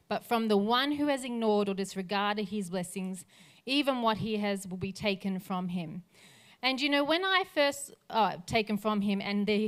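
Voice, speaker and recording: A woman's voice: a little high, fairly bright tone, clean tone. A woman pastor preaching a sermon in an earnest voice, building lists of phrases toward a rousing close. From Australia.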